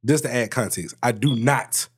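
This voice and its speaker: A man co-hosting a podcast, telling a story about work in a casual, swearing, animated way. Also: moderate pace, husky. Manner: animated storytelling, swears freely, jumps high in pitch when excited. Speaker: podcast co-host. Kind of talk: casual chat.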